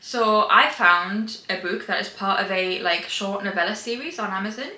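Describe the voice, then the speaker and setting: Young female book vlogger, emphatic, rambling, bright and sharp tone, room echo. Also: medium pitch, normal speed. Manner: gushing, emphatic, rambling with restarts. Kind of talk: casual reading wrap-up chat. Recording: roomy echo.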